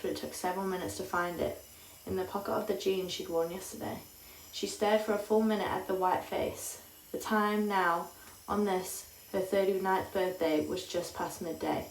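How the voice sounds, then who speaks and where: A woman reading a literary story aloud in a slow, calm, measured way. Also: on the low side, slight background noise. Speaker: audiobook reader. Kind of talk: scripted literary narration. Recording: roomy sound, distant mic.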